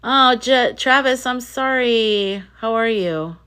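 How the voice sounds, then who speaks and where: She speaks slowly in a fairly high voice that sounds pushed, bright, and smooth. Running a relaxed live chat, she reads viewers' comments with emphasis and tends to say things more than once.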